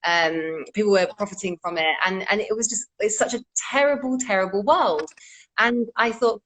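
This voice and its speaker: A woman's voice: a little high, brisk, fairly bright tone, rough recording. A woman from the UK, a charity founder, telling her story earnestly over a video call. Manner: earnest, with frequent restarts. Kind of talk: casual interview storytelling.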